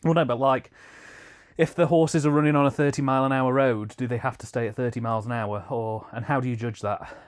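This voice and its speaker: A man's voice: medium pitch, fairly even intonation, brisk, smooth. Young man with dry absurd quips. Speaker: co-host of film commentary. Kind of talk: casual comedic film commentary.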